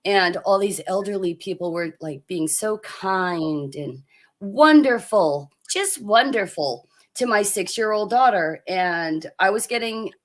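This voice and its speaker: A young woman co-hosting a casual live chat, giving opinions in a measured way with fillers. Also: mid-range voice. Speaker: co-host.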